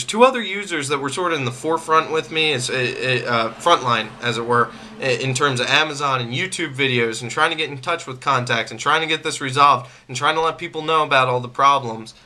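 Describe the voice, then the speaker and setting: An angry man rants straight to camera, his voice strikingly bright and sharp. He circles back to the same complaints again and again, stumbling over his words and restarting sentences as his irritation builds. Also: medium pitch. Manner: irritated, repetitive, stammering restarts. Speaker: vlogger.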